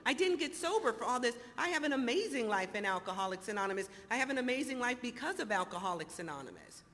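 A woman in her fifties telling her recovery story to an audience in an animated, storytelling way, acting out the dialogue. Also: on the high side, fast. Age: 50s. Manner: animated storyteller, acts out dialogue, laughs often. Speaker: speaker sharing recovery story. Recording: hall reverb, faint noise.

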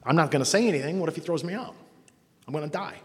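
Speaking very fast in a slightly high voice, this Cleveland, Ohio man shares his personal recovery story with a meeting audience. He is wry and pokes fun at himself while imitating the people he quotes, and a long hall reverb surrounds his words.

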